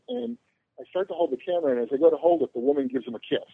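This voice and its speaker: A man's voice: fairly high pitch, sing-song, fast talker, dry recording. Guy on a tinny phone line, rambling funny stories, voice bouncing up and down a lot. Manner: rambling, joking storyteller. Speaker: podcast guest, convention organizer. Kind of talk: casual podcast chat.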